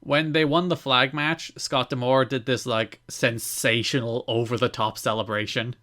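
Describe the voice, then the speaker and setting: A man's voice: mid-range voice, normal speed. Upbeat man co-hosting a podcast. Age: 30s. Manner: reads show listings in a lively, upbeat way. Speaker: podcast co-host. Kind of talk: casual wrestling podcast chat.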